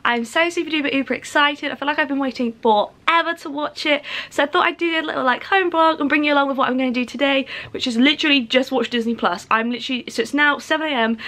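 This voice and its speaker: A woman's voice: sits high, fast talker, sharp tone. A young woman vlogging casually from home in front of the TV, bubbly and gushing, with lots of "like" and "literally". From United Kingdom.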